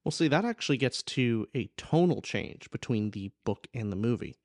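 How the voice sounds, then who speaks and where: A young man at medium pitch and moderate pace talks through a book on his podcast, the sound studio-quality with no echo. Lively and animated, he acts out quoted characters as he goes.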